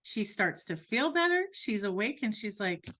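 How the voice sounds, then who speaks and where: A woman coaching her business team, telling an animated story. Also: medium pitch, normal speed. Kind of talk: storytelling talk.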